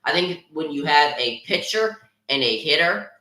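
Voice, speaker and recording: A man's voice: a little high, animated, moderate pace, pushed and bright. A young man hosting a casual sports podcast, giving strong opinions with lots of ums and restarts. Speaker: podcast host. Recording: roomy echo.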